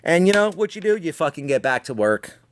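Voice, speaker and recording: A man's voice: on the high side, sing-song, brisk, a little hiss or hum. A man hosting a podcast, telling a story in a profane, rambling, self-mocking monologue and slipping into voices for people in it. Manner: slips into voicing people in his anecdotes. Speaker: podcast host.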